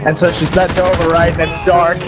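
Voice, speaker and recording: A young man telling a rambling, crude story to friends over voice chat while gaming, breaking into loud laughs. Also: on the high side, monotone, fairly quick. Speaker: gamer telling stories. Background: background music.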